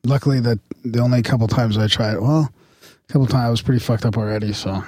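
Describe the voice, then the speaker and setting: A man's voice: mid-range voice, fast, mellow, no echo. A man podcast host chatting casually, easygoing, with brief affirmations. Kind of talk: casual chat.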